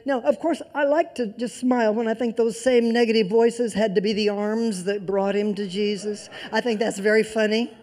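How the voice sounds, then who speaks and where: A preacher delivering a sermon, stressing points through repetition and shifting between loud emphasis and soft, near-whispered lines. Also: mid-range voice, steady tone, moderate pace, few pauses. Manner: emphatic repetition of key phrases.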